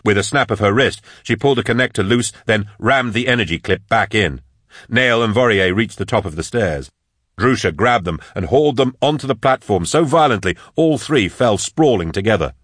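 A man with a low voice narrating an action audiobook steadily and dramatically. The recording is dry and close, made in a studio booth. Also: fairly bright tone, no room sound.

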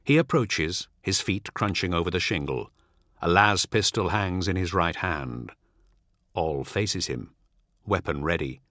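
A man giving a measured, dramatic audiobook narration. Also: sits low, animated, fairly bright tone, no echo, studio quality.

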